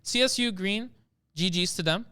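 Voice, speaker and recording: A man casting a live esports match, excitable and breaking into loud shouts during big plays. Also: high voice, moderate pace, smooth. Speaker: esports caster.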